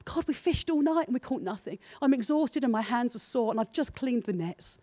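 A woman's voice: fairly high pitch, lively intonation, brisk, dark tone, no room sound, clean studio sound. A woman voicing the fisherman Peter, exhausted and complaining after a long night's work. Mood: exasperated. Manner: exasperated, complaining. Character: weary disappointed fisherman Peter, adult man.

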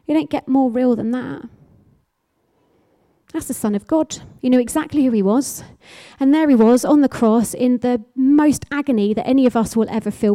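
Female preacher, sermon, warm and slightly high voice, passionate and emphatic with repeated phrases. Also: moderate pace, no room sound.

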